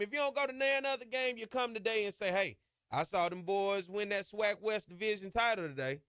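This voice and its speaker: A man's voice: sits high, a little fast, bright, forceful tone, clear, resonant tone, no echo, clean studio sound. A man hosting a sports podcast, talking emphatically and colloquially with lots of "y'all" and "ain't.". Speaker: podcast host. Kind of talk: impassioned sports podcast monologue.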